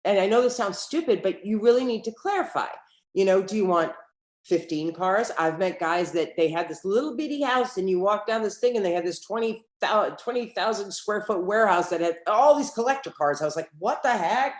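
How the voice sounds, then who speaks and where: A middle-aged woman, an entrepreneur guest on an interview, telling stories in a lively way and acting out the dialogue in them. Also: medium pitch, fairly quick. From United States. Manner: lively storyteller who acts out quoted dialogue. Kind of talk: conversational interview. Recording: roomy echo.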